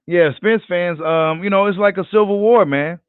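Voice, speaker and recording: Animated profane man on a tinny line. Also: high-pitched, normal speed, clear, resonant tone, dry recording. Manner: animated, profane, slangy, repeats himself. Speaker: boxing channel host. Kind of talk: casual livestream chat reading comments. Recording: tinny phone-like audio.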